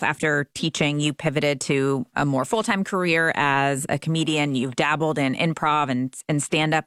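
A woman hosting an interview, relaxed and chatty, with many fillers and easy laughter. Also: low voice, smooth, dry recording, studio quality. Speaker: interview host. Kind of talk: conversational interview.

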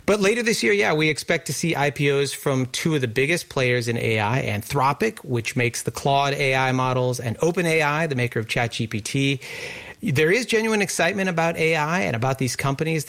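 A man's voice: mid-range voice, a bit bright. A man explaining a business story as a news correspondent, in a conversational way. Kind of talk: news report.

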